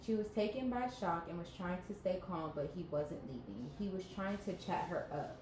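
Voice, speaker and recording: A woman's voice: lowish voice, moderate pace. A woman co-hosting a podcast with a stuffy nose, reading a story aloud and breaking off to react and joke. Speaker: podcast co-host reading stories. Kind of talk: casual story reading and chat. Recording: echoey room with background noise.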